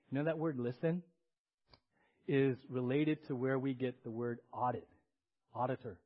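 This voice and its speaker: A pastor preaching a sermon, swinging between loud emphasis and hushed asides. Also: male voice, medium pitch. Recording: dull lo-fi church audio recording.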